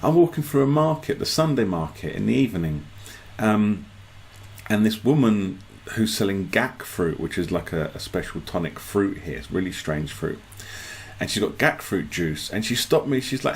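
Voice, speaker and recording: A man with a gravelly edge tells casual stories to camera, amused by what he describes. His pitch swings widely as he talks. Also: moderate pace. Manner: animated, amused anecdotes. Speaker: vlogger.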